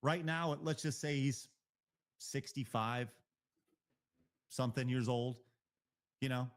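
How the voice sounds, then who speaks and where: A man's voice: medium pitch, takes it slowly, smooth. A male live stream host giving blunt, profane, heated reaction commentary.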